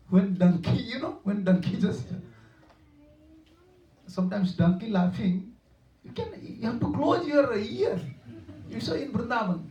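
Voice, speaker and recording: High-voiced man preaching in a roomy hall. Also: animated, a little mellow. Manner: halting, searching for words with repeated restarts and fillers; storytelling with chuckles. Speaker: monk preaching to devotees. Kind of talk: sermon. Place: lecture room. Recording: roomy, distant and dull-sounding room recording.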